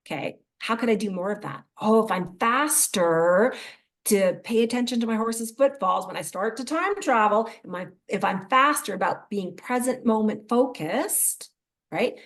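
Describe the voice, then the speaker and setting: A middle-aged woman, a mental performance coach, talking casually in an interview and acting out inner thoughts in lively quoted voices. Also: mid-range voice, moderate pace.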